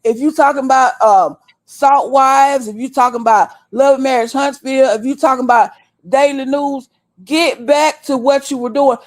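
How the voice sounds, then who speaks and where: A woman's voice: high-pitched, steady tone, moderate pace. A woman over thirty-five, host of a livestream, scolding her viewers bluntly and with a lot of cursing. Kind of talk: heated livestream rant. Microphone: desktop stream mic.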